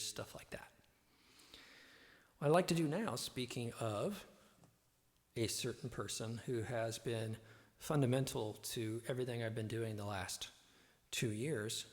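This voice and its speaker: A man hosting a live-stream show, rambling as he talks, with many fillers. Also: medium pitch. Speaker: host and musician. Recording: reverb-heavy echoey audio.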